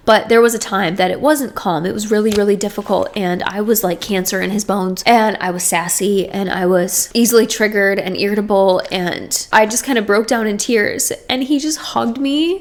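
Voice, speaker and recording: A woman's voice: on the high side, moderate pace. Earnest young woman chatting to camera. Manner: earnest, emphatic, chatty with many "like"s. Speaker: video host. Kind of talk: casual faith-based talk to camera.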